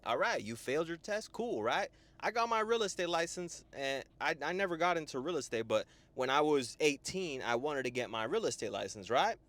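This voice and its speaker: A young man and life coach giving a profane, lively motivational monologue, often tagging "right?". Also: fairly high pitch, moderate pace, hardly any pauses. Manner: animated, profane, full of "right?" tags.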